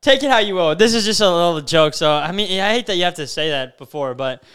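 A man's voice: high voice, lively intonation, quick pace, a bit bright, smooth. A young man co-hosting a casual podcast, rambling through a joke story and mimicking others. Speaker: podcast co-host.

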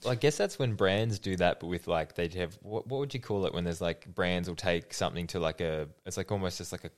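A man's voice: low voice, fairly quick. A man hosting a podcast, chatting casually and rambling as he searches for words. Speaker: podcast host. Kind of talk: casual chat.

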